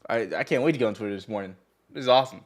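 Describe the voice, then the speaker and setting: A man hosts a loose live stream from home, talking in an average-pitched voice. He rambles, jokes and brags, teasing his chat as he goes. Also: very fast. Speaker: livestream host. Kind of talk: casual live market chat.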